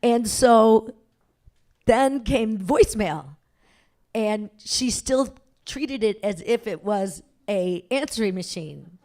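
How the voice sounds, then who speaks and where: A woman's voice: mid-range voice, animated, slow pace, darkish tone. Chatty middle-aged woman telling a story. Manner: chatty, self-mocking, laughs while telling. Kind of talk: live personal storytelling. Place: stage before a live audience.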